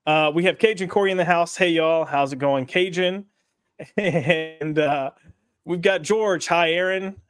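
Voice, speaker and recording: A man hosting a relaxed chat show, his voice sitting a bit high. He jokes as he reads out viewer names. The sound is close and dry, with no room echo. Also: unhurried, clean tone. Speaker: podcast host. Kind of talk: casual chat.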